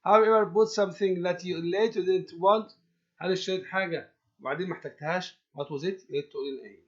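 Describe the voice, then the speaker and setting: Man, English teacher, hesitant, fillers, high voice. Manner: halting, with frequent fillers and repeated words. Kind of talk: recorded classroom lesson explanation. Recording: dull lo-fi recording.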